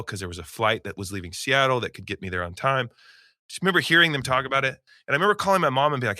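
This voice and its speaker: A man guest on a podcast, casually telling animated stories and acting out the people in them. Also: medium pitch, racing, dry recording, studio quality. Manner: animated storyteller who acts out quoted people. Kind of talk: casual storytelling.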